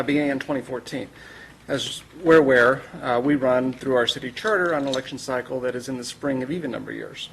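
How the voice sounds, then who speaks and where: A man's voice: medium pitch, a bit bright, slight background noise, low-quality recording. A man giving a formal, explanatory presentation to a city council, orderly but with frequent fillers.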